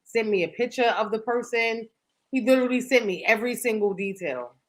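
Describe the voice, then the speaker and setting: This young adult podcast co-host speaks a little fast in a fairly high voice, captured on a low-quality recording. Her dating story comes out as frank, foul-mouthed banter, with "like" dropped constantly.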